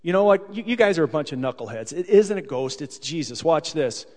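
A man's voice: a little high, brisk, close to an everyday voice. A preacher doing an eager, impulsive fisherman disciple. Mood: boastful. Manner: animated, chatty modern slang. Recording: long hall reverb.

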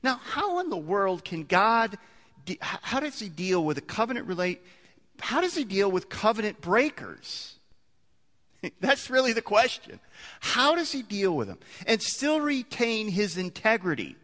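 A man in the pulpit, talking his listeners through the point with many restarts and rising emphasis. His voice sits fairly high and sounds bright and forceful. A long reverb from a large hall trails behind every phrase. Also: very animated, a little slow. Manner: conversational, builds to emphatic peaks with many restarts. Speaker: pastor. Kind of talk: sermon.

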